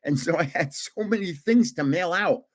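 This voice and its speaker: A man's voice: fairly high pitch, normal speed. An older man hosting a casual livestream, rambling through anecdotes and chuckling often between sentences. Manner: rambling anecdotes told with self-corrections. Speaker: host of a trading card livestream. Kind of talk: casual livestream chat with storytelling.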